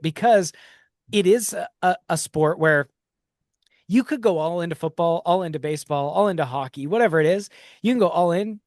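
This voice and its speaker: A man's voice: a little high, dry recording, clean studio sound. A man hosting a podcast, telling reflective stories in a casual conversation, often restarting his sentences. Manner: reflective storytelling, frequent restarts. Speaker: podcast host.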